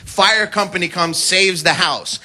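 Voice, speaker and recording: An American man doing a stand-up comedy routine, brash and profane, telling stories with shouted impressions. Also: sits high, measured pace. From United States. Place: comedy club stage before a live audience. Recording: live club recording, loud crowd and noise. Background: audience laughter and applause.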